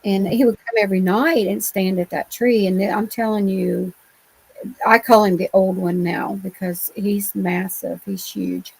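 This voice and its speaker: Gravelly-voiced woman telling her story. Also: mid-range voice, fairly even intonation, unhurried, darkish tone, rough recording. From Ohio. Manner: rambling, colloquial, many restarts. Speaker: interview guest. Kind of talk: telling personal encounter stories.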